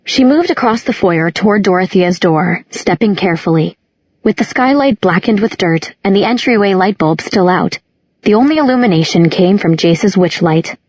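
A woman narrating an audiobook in a measured, descriptive manner. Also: mid-range voice, expressive, a little mellow, no echo, dull audio. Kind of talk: scripted narration.

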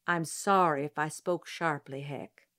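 Lady reading a calm stubborn lawyer dad, low voice, slow, firm and earnest. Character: steady principled small-town lawyer father, middle-aged man. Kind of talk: audiobook character reading.

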